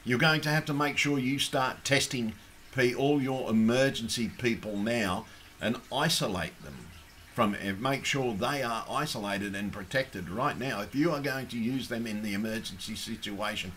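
A man's voice: mid-range voice, normal speed, a bit bright, slight background noise. Insistent middle-aged man making demands. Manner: insistent, repeats demands with emphasis. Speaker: activist. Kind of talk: impassioned appeal to camera.

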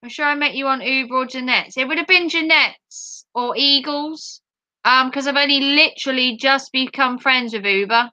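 A woman's voice: sits high, moderate pace, sharp tone, no room sound. A woman from England with a Norfolk accent, chatting casually on a livestream and answering her chat aloud. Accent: Norfolk English.

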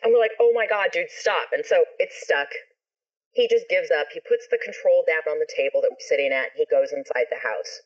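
A woman's voice: low-pitched, a little fast. A woman guest on a video call, telling a story in casual chat, swearing freely and acting out what people said. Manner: animated, swears freely, acts out quotes. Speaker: guest, ska musician and actor. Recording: dull lo-fi video call audio.

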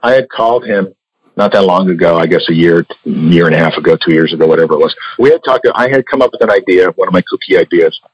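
Candid older man, husky, swearing freely. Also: low-pitched, lively intonation, fast talker, no room sound. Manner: candid, swears freely, grows emotional telling stories. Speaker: comics artist and former editor, guest. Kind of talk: casual interview talk. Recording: dull lo-fi audio.

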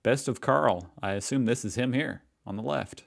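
A man's voice: medium pitch, normal speed, vocal fry. An American man hosting a reaction video, chatty and joking in casual commentary. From United States. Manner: chatty, joking, laughs often.

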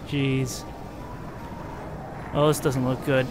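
A man commentating his playthrough of a game, excitable, swinging from muttering to yelling. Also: fairly high pitch, unhurried, long pauses. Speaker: gaming video host. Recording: music from the game behind the voice.

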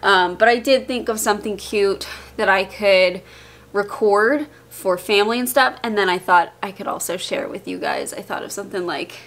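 Young woman vlogger, casual, rambling, candid, mid-pitched. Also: moderate pace, fairly bright tone. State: tired and queasy, out of breath. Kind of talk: casual chat to camera.

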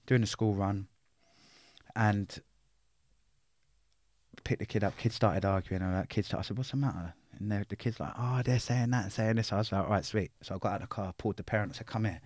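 A man's voice: on the low side, brisk, darkish tone, dry recording, studio quality. A middle-aged man, telling his life story bluntly in an interview, full of swearing and street slang. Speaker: interview guest.

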